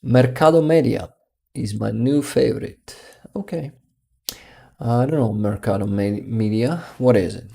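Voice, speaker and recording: Slow, mellow-voiced man on livestream. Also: medium pitch, creaky. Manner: halting, searches for words, many fillers. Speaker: livestream host reading chat. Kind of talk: casual livestream chat.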